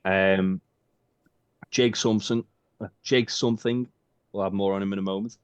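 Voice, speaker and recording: A low-voiced man co-hosts a chatty podcast, swearing freely and wandering between jokes and filler ums. The recording sounds dull and dry, with little room around it. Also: fairly even intonation, moderate pace, clean tone, no room sound. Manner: sweary, jokey, rambling with many ums. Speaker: podcast co-host. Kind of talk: casual chat.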